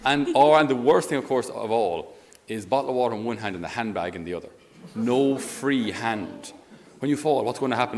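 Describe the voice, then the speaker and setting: An Irish man speaking as a priest in a conversational homily. He is a lively storyteller who often chuckles as he talks. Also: mid-range voice, normal speed. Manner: animated storyteller, chuckles while talking.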